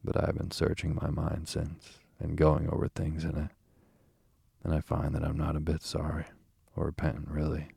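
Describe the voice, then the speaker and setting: A stubborn, boastful toad in a sleepy bedtime storybook, read by a man, wilful and gushing. The voice is very deep and gravelly, with a flat, monotone lilt. It sounds husky and close, with no room around it. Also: moderate pace, dry recording, full character voice. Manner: sullen, then gushing and wilful. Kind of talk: soothing bedtime storybook reading.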